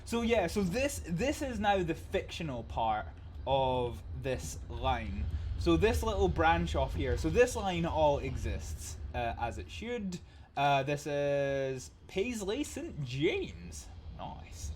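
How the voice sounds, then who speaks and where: A man's voice: on the high side, very animated, takes it slowly, darkish tone, a little hiss or hum. A young Scottish man hosting a train simulator livestream, rambling casually through anecdotes with lots of swearing, fillers and laughter. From Scotland. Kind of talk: casual gaming commentary with anecdotes.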